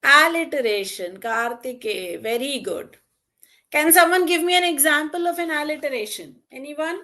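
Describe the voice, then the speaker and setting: A woman's voice: sits high, lively intonation, pushed and bright. A woman teaching an online exam-prep lesson, praising students by name and asking the class questions. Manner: slow and deliberate, draws out key terms and examples. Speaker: English teacher.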